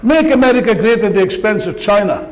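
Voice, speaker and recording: A man's voice: high-pitched, lively intonation, fairly quick. An older man giving a rousing political speech, sarcastic and full of rhetorical questions, before an audience in a large hall. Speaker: political speaker.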